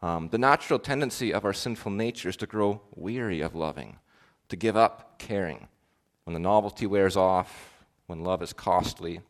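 A man's voice: deep voice, normal speed, few pauses. A male pastor preaching a sermon in an earnest, questioning way, with frequent fillers and restarts.

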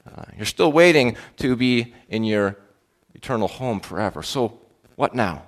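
A man's voice: medium pitch, expressive, measured pace. A male pastor preaching a sermon in an earnest, questioning way, with frequent fillers and restarts.

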